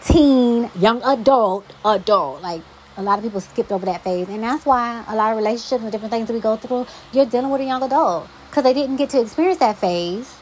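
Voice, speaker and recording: A young woman hosts her own podcast and chats on her own in a fairly high voice. She talks emphatically, with exasperated asides. A faint hum of noise sits behind her. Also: fairly quick, darkish tone, rough recording. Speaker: podcast host. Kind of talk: casual solo podcast monologue.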